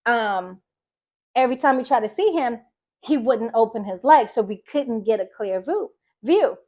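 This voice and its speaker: A woman's voice: fairly high pitch, moderate pace. A woman from Philadelphia telling her personal birth testimony, emphatic and repeating phrases for effect as she acts out conversations. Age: adult mother. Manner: lively storytelling, acts out conversations. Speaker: faith vlogger.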